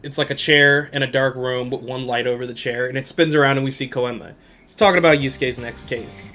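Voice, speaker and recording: A man's voice: mid-range voice, a little fast, sharp tone, soft background music. A man hosting a podcast, casually recapping an episode in slangy talk and laughing often. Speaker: podcast host.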